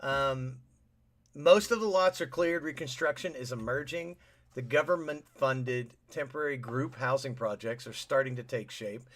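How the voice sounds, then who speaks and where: A male podcast co-host in a relaxed, offhand chat at an ordinary middle pitch. He reads out news items and tosses in dry, sarcastic asides about government. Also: normal speed. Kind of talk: casual chat.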